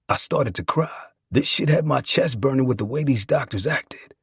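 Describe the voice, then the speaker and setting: A man reads a dramatic first-person story, emotional and profane. His voice is husky and raspy and moves widely in pitch. It sits dry and close to the mic. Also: lively intonation, moderate pace, hardly any pauses, no room sound. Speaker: narrator.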